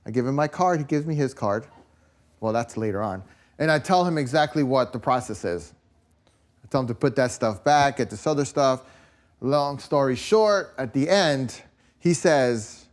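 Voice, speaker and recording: A man's voice: medium pitch, expressive, normal speed. A man preaching a conversational sermon, telling stories with lots of "you know" and rhetorical questions to his listeners. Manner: rambling storytelling, peppered with "you know" and "right?".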